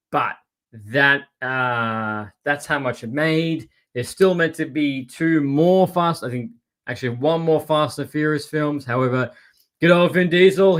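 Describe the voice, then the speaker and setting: A man hosting a casual movie recap, talking in a chatty, rambling way with plenty of fillers. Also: a little high. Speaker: movie news host. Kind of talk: casual spoken review.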